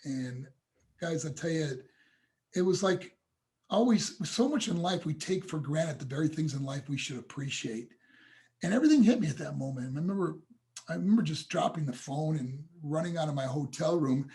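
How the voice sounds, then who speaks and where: Animated and mellow, with a fairly high pitch and moderate pace, a motivational speaker shares a personal story as a podcast guest by video call. He speaks earnestly and emotionally, addressing the hosts as "guys."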